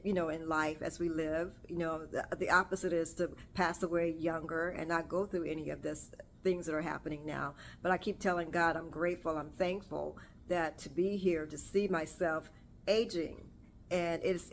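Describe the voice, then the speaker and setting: Host, woman, 40s, low-pitched, chatty solo vlog, meandering and self-correcting, faint room noise. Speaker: podcast host. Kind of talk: casual solo talk to camera. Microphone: camera or phone on self.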